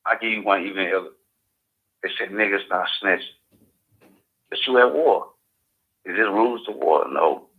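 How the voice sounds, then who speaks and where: A man's voice: sits low, normal speed, pauses often, slightly rough. A man in casual radio talk, speaking in a loose, profane street manner. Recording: phone-like lo-fi audio.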